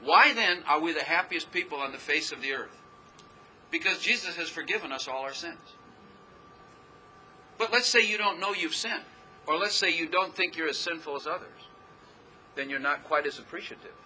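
A man's voice: a little high, normal speed, long pauses, pushed and bright, a little hiss or hum, low-quality recording. A man preaching a casual, rambling sermon as pastor, often laughing at himself as he talks.

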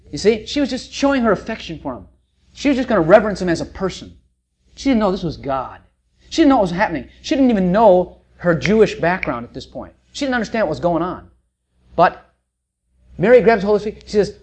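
A preacher teaching a sermon, telling the story in a folksy, joking way, with loud bursts, quiet asides and stammering restarts. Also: mid-range voice, lively intonation, a little fast.

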